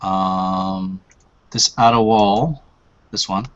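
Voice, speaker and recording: A man acting as dungeon master in a tabletop game, speaking slowly with many pauses and fillers. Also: low-pitched, fairly even intonation, faint music behind. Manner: slow, unhurried, with many fillers. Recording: dull lo-fi sound.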